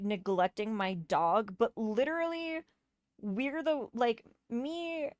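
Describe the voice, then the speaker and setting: A woman's voice: a little high, no room sound, clean studio sound. A woman streamer telling a storytime rant, exasperated and swearing as she mocks a neighbor.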